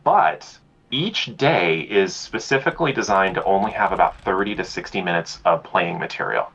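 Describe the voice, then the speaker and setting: A man's voice: low-pitched, expressive, normal speed, vocal fry, fairly bright tone, breathy edge, muffled recording. A man guesting on a casual livestream, chatty and laughing easily, rambling through restarts. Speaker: guest speaker on mental health.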